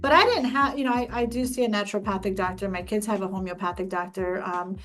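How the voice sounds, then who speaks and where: A woman host telling a personal story in casual conversation, emphatic and animated, with many restarts. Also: mid-range voice, fast talker, soft background music. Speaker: podcast host.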